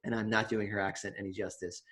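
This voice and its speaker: A young man co-hosting a podcast, telling stories in a relaxed, chatty way with many fillers and restarts. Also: on the low side, fast, husky. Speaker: podcast co-host. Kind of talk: casual chat.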